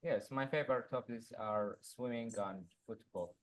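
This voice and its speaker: A man answering short questions as an English student, halting and simple in his replies. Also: medium pitch.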